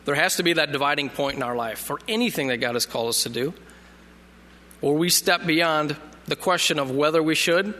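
A man's voice: on the high side, brisk, bright, forceful tone. A man preaching a sermon in a conversational way, reading scripture aloud and joking when he trips over names. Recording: long reverb of a hall.

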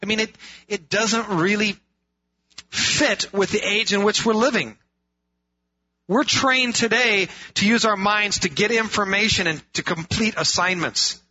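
High, bright-voiced preacher man. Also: a little slow. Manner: earnest, rhetorical questions, restarts and emphatic repetition. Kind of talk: sermon. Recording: dull lo-fi sound.

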